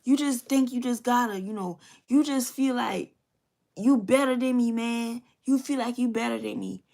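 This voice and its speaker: A woman's voice: fairly high pitch, normal speed, creaky, dark tone, voice pushed up. A woman voicing a drunk, resentful man who talks in a bitter, dismissive way.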